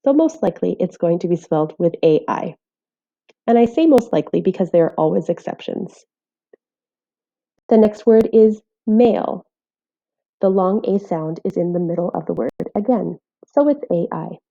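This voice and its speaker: A woman teaching phonics in a scripted voice-over, speaking clearly and carefully while sounding out letters. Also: fairly low pitch, animated, normal speed, dark tone, lo-fi sound. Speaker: literacy teacher.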